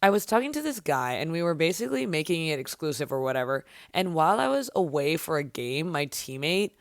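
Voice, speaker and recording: A woman's voice: low-pitched, sing-song, fairly quick, dry recording, clean studio sound. A young adult woman hosting her own podcast, talking solo in an upbeat hype-woman way with casual swearing. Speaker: podcast host.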